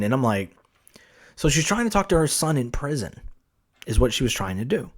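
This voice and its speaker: A man's voice: medium pitch, brisk. A man hosting his own podcast, telling a story casually, rambling with lots of restarts and filler words. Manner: rambling, full of "like" and "you know", many restarts, animated. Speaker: podcast host.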